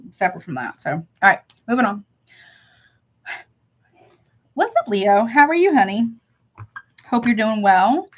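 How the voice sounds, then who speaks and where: Woman, tarot reader, live reading chat, casual and slangy, sympathetic, slightly muffled lo-fi sound. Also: mid-range voice. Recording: slightly dull lo-fi audio.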